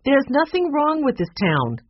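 A narrator voicing a nervous, defensive woman innkeeper in a storybook reading, in a high, tense, hesitant voice. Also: very animated, normal speed, husky, lo-fi sound. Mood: uneasy.

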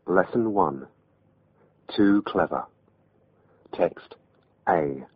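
Textbook narrator, low and lively, measured reading, dry tinny tape sound. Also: male voice, slightly rough. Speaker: textbook reader. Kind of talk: scripted narration of a language lesson.

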